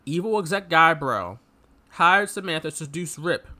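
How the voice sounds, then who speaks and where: A man co-hosting a casual movie review chat, animated and mocking as he acts out characters. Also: on the high side, normal speed. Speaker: podcast co-host.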